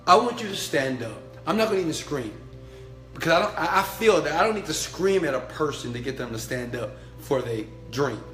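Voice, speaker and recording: A man giving a blunt, profane motivational talk, preaching to an online audience and swinging from low murmurs up to shouted chants. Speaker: motivational speaker and mentor. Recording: echoey room with faint music.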